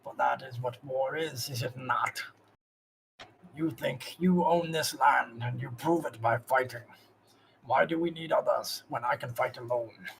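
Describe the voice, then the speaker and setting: A man voicing a solemn, proud male orc champion who speaks in slow, grave, measured phrases. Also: medium pitch, creaky, a bit bright, a little hiss or hum, low-quality recording.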